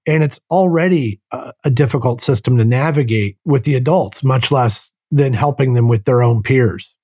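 A man hosting a podcast interview, a parent speaking in a thoughtful, measured way with some hesitations. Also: medium pitch, a little mellow. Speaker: podcast host.

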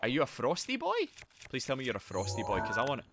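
A Scottish man commentating his gameplay live, greeting viewers and yelling in panic when things go wrong. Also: medium pitch, fast, a little hiss or hum. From Scotland. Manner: excitable, yelps and shouts in panic, greets chat. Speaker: streamer.

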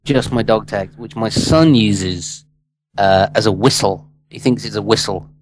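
A man, an actor guest, chatting in a relaxed interview with easy laughs and repeated words. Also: fairly low pitch, a little slow, a little hiss or hum, low-quality recording. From England. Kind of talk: relaxed casual interview chat.

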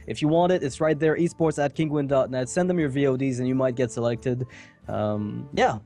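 A man casting an esports match, chatting casually between games with quick asides and jokes. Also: mid-range voice, fairly even intonation, dark tone, soft background music. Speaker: esports caster. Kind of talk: casual pre-match commentary.

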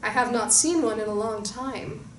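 A woman voicing a huge white male guardian creature who speaks slowly and proudly in a deep, booming way. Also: lightly acted. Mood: calm proud. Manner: slow, booming, measured. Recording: roomy distant mic with faint hiss.

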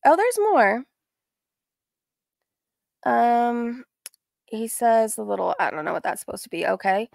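A woman's voice: fairly high pitch, lively intonation, a little slow, vocal fry, pauses often, darkish tone, no room sound. A woman hosting a casual reaction stream, reading messages aloud with sarcastic asides. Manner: sarcastic, reads chat messages aloud with frequent laughs.

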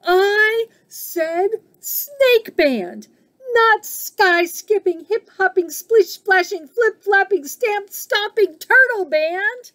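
Woman voicing a peevish little storybook snake, slow and emphatic, breathy, lively pitch. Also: heavily acted. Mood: exasperated. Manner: slow, emphatic, rising to a shout.

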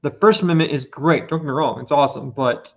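An earnest man lays out his points on a casual podcast, pressing harder on each one. His voice sits a little high. The audio is dull and lo-fi. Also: fast talker. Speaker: podcast guest presenter. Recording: lo-fi muffled audio.

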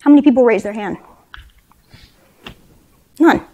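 A woman in her thirties addressing a conference room full of people. She sounds fairly high-pitched and casual, constantly checking in with the audience with a quick "right?" and slipping in dry, self-deprecating jokes. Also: mellow, highs cut off. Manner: conversational, frequent "right?" tag questions. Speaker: conference speaker. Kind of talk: leadership talk to a live audience.

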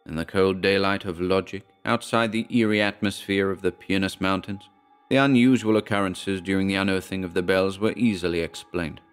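A man reading a horror story aloud in a measured, grave narration. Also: low-pitched, smooth. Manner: measured, grave storytelling with quoted dialogue read plainly.

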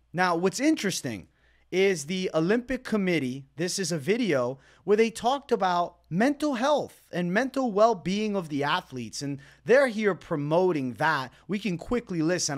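A man giving angry reaction commentary on a fight, ranting indignantly and repeating words for emphasis. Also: sits high. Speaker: MMA commentator.

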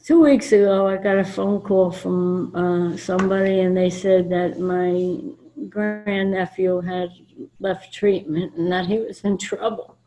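A woman's voice: medium pitch, unhurried, soft background music, low-quality recording. Older New York woman telling her story. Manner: animated storytelling that acts out quoted lines; emphatic, blunt and earthy. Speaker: speaker at a recovery convention. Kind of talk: personal testimony to a live audience. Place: convention meeting room before an audience.

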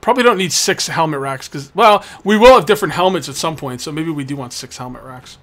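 Jokey man with a higher voice. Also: expressive, fast talker, fairly bright tone. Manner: jokey, chats with game customers. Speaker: let's play host. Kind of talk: casual gameplay commentary.

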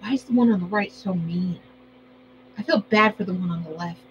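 A woman with a Minnesota accent chatting casually as co-host of a cooking vlog, joking, laughing often and breaking into playful yelling. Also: fairly low pitch, brisk, dull audio, a little hiss or hum. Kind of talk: casual chat.

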